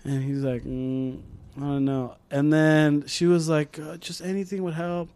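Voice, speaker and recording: Podcast co-host, man, slightly high voice, lively storyteller who acts out voices. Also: unhurried, clear, resonant tone. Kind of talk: casual chat.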